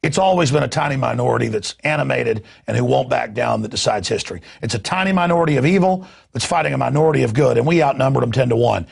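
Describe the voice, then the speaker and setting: A man's voice: mid-range voice, lively intonation, fast talker, vocal fry, few pauses, slightly rough. A man hosting a talk show, delivering an urgent, preachy political monologue in a fervent voice with lots of restarts.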